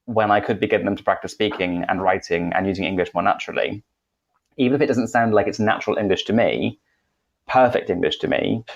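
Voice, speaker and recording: Welsh male podcast co-host, low voice, rambling and chatty, often restarts sentences. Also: dull audio. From Wales. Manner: rambling, self-correcting, chatty. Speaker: podcast co-host, English teacher. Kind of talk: casual podcast discussion.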